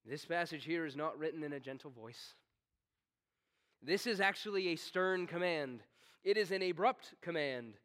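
A man with a notably high voice preaches a sermon. He drops into hushed, slowed passages and then climbs into stern, forceful commands. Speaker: pastor.

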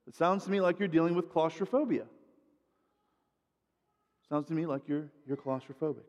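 Preacher doing a blunt, fed-up male therapist, higher voice, echoey hall. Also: normal speed, highs cut off, natural voice. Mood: calm. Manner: grows louder, snapping orders.

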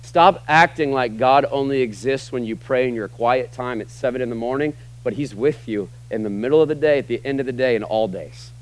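A man's voice: mid-range voice, a little fast, hardly any pauses, rough recording. Conversational male pastor preaching. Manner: conversational, self-deprecating, emphatic. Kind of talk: sermon.

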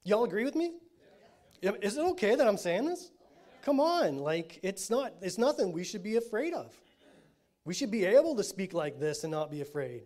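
A pastor preaching in a fairly high male voice. He keeps his sermon conversational and often checks in with his listeners. He drops to quiet, low lines and then rises to loud, stressed declarations. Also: big pitch swings, normal speed. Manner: conversational preaching with frequent check-ins to the congregation; swings between quiet, low statements and loud, emphatic declarations.

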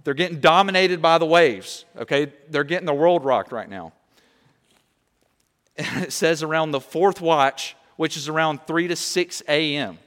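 A young man preaching a sermon, animated and conversational, often checking in with "okay?". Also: on the high side, a little slow, long reverb tail. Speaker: pastor.

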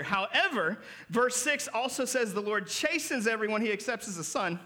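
A man's voice: sits high, pushed and bright. A man preaching a sermon as pastor, explaining Greek words with emphasis.

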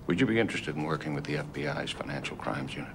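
A man's voice: a bass voice, animated, very fast, vocal fry, noisy background, exaggerated voice. An actor playing a stern male federal agent making a formal offer in a film scene. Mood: formal, earnest. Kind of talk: film dialogue. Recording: film clip with background ambience.

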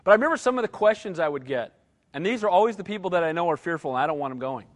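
A middle-aged man with a notably high-pitched voice preaches a sermon in a loose, conversational way. He drives his points home with short repeated phrases. He keeps drawing in the congregation with a questioning "right?". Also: lively intonation, racing. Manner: often asks the congregation "right?". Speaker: pastor.

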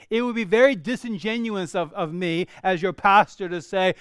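A middle-aged man preaching a sermon as a pastor, lively and acting out quoted voices. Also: high voice, moderate pace, hardly any pauses, clear, resonant tone, no echo, studio quality. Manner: animated, acts out quoted voices.

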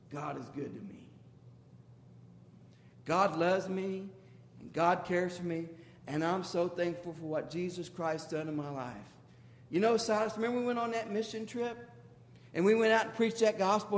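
A folksy apostle, played by a preacher, barks orders at his tent makers and then gives thanks. The voice sits high and rings out with a long reverb in a big hall. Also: a little hiss or hum, lightly acted. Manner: folksy, bossing his helpers around. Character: the apostle Paul, bossy then grateful older man.

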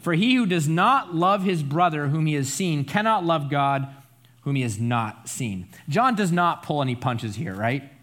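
A man's voice: fairly high pitch, big pitch swings, a little slow, a bit bright. A man preaching a Bible study sermon in a conversational, emphatic way, often adding asides and tag questions. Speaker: pastor.

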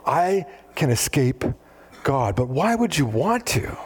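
Male pastor, animated sermon delivery, mid-high voice, slips into voices for scripture scenes. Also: slow pace, breathy edge. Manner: animated, acts out biblical dialogue in voices.

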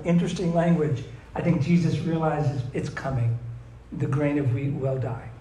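A man preaching a sermon, emphatic, reading scripture slowly and asking his listeners questions. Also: on the high side, flat delivery, warm tone, echoey room, rough recording. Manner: emphatic, asks the audience questions, reads verses slowly.

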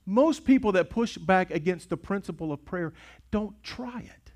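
A man's voice: sits high, moderate pace. A man preaching a sermon as pastor, impassioned and urgent, often repeating himself for emphasis. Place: church sanctuary.

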